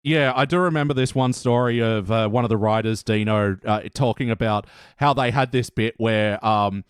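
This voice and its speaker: A man's voice: on the low side, normal speed, smooth, no room sound, studio quality. A man co-hosting a casual review podcast, telling stories, laughing often and leading the questions. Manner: chatty storyteller, laughs often, leads the questions. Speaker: podcast co-host.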